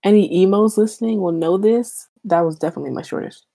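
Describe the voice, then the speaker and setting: A young woman co-hosting a casual chat, tossing in quick jokey asides. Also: mid-range voice, gravelly, warm tone, no echo. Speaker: podcast co-host. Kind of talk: casual chat among friends.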